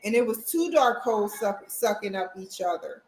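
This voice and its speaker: A woman's voice: medium pitch, expressive, moderate pace, echoey room, poor audio. A woman vlogging at home, chatting casually and rambling straight to her viewers. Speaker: vlogger, college student. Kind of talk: casual chat to camera. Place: at home, indoors.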